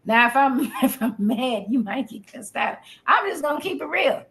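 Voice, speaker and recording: Woman, podcast chat, folksy, animated, fairly high-pitched. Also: moderate pace, gravelly. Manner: animated, folksy, restarts a lot. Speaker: podcast co-host. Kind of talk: candid casual chat.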